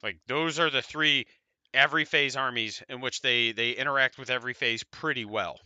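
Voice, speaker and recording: A man's voice: medium pitch, moderate pace, pushed and bright, smooth, no echo, muffled recording. A man with an American accent, co-hosting a podcast and chatting casually in a rambling, laid-back way, swearing now and then. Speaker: podcast co-host. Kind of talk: casual tabletop wargame discussion.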